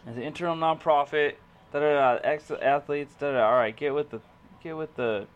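A man's voice: a little high, normal speed, clear, resonant tone, dull audio. A young man in casual chat, joking around and reading web pages aloud in a laid-back way. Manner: laid-back, joking, says dude and bro.

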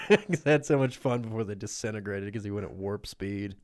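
A man's voice: fairly low pitch, normal speed, a little mellow, no echo, clean studio sound. A man co-hosting a podcast, laughing a lot as he swaps crude, silly improvised stories. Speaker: podcast co-host. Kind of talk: casual comedic improv chat.

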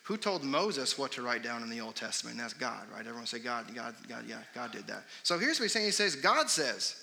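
A man's voice: medium pitch, sing-song, fairly quick, gravelly, pushed and bright. A young adult man preaching a sermon in a casual, storytelling way with sarcastic asides. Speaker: pastor. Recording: long hall reverb.

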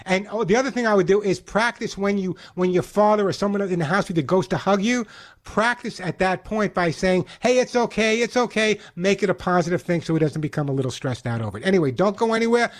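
A man hosting a call-in pet radio show, giving emphatic advice with quick jokes. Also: high-pitched.

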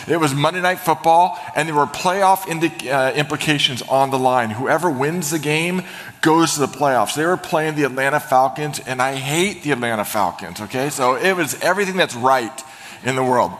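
A man's voice: on the high side, normal speed, fairly bright tone. A man preaching an Easter sermon in a church, telling stories with energy and laughing as he goes. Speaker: pastor. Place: church sanctuary. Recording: long hall reverb.

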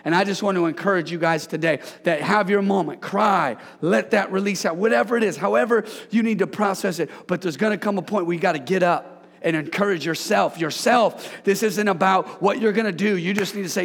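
A man's voice: high voice, moderate pace, fairly bright tone. A male pastor preaching a sermon, exhorting the congregation and calling on them to repeat lines after him. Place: church hall. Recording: long hall reverb.

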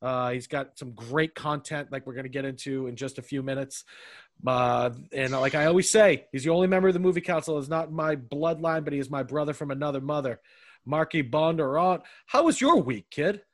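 A man hosts a loose podcast chat with friends, his voice sitting a bit high. He rambles and stammers, restarting sentences again and again, a little tipsy. The sound is dry and close. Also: fairly quick, dry recording. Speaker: podcast host.

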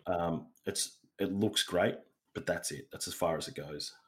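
A man's voice: deep voice, unhurried, fairly bright tone. A man co-hosting a casual podcast, rambling and going off on tangents. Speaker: podcast co-host.

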